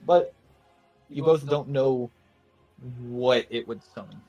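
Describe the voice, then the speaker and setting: Young male game master, casual and halting. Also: medium pitch, warm tone, muffled recording, faint music behind. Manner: casual, hesitant narration with many fillers. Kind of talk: narrating a tabletop game.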